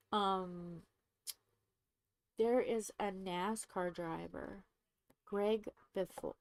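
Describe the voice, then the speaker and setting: A middle-aged woman from Indiana, chatting casually to her viewers while doing a craft, rambling and growing soft when sad. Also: medium pitch, steady tone, drawn-out words, pauses often, dry recording, rough recording. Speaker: crafting channel host. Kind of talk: casual chat to viewers while diamond painting.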